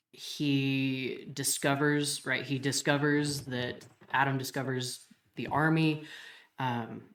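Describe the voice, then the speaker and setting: A man co-hosting a podcast, thinking aloud as he builds on a story pitch. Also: fairly bright tone, echoey room, distant mic. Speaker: podcast co-host. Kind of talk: casual pitch brainstorming.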